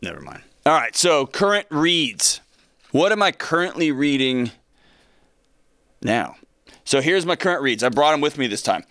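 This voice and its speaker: A man's voice: fairly high pitch, big pitch swings, moderate pace, long pauses, a bit bright, dry recording. A man hosting his own podcast in a studio, chatting casually and energetically with rambling, joking asides. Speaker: podcast host. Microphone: studio mic with earphones.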